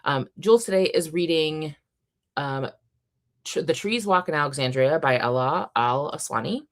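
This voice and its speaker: A woman's voice: low-pitched, normal speed. A young woman hosting a casual book livestream, reading out chat messages and gushing with frequent laughs and ums. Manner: chatty, gushing, laughs often, many ums.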